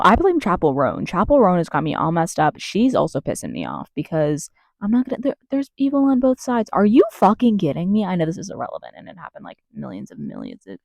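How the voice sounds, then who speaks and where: A woman's voice: lowish voice, darkish tone, no echo. A woman ranting to camera in a heated, sarcastic way, swearing often. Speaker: vlogger. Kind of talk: profane political rant to camera.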